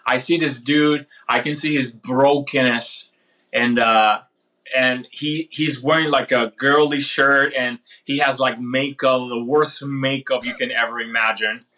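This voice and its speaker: A man's voice: medium pitch, fairly even intonation, measured pace, bright, forceful tone. A man telling a story in casual conversation, with frequent restarts and fillers. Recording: voice a bit far from the mic.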